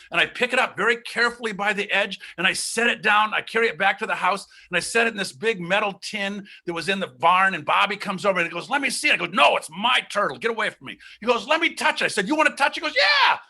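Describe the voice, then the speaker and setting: A high, very bright male voice spins a homespun tale from an Ohio farm boyhood. He is lively and theatrical, jumping into the voices of the people in his story. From Ohio, USA. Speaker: guest storyteller. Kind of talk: told personal story.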